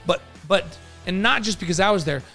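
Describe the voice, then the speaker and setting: A man's voice: sits high, a little fast, bright, forceful tone, soft background music. A man from New York co-hosting a casual sports podcast, talking in a loose way full of restarts and repeated words. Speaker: podcast co-host.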